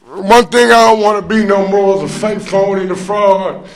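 High-voiced man sharing at a recovery meeting. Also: steady tone, reverberant. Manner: storytelling with emphatic loud bursts and rueful laughs; drawn-out, conversational, with many fillers. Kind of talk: personal recovery testimony. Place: meeting room.

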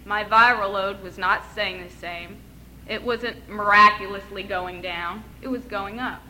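A woman's voice: medium pitch, steady tone, unhurried, sharp tone, a little hiss or hum, poor audio. A woman in her thirties giving an earnest, emotional personal testimony, with touches of wry humor. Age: 30s. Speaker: speaker sharing her recovery story.

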